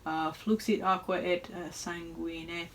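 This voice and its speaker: Here the same kind of host speaks slowly in a lowish voice with little pitch movement, a woman musing through a casual music analysis lesson with hesitations and repeated "right?" checks. Audio quality is poor, and loud choral and organ music plays beneath her.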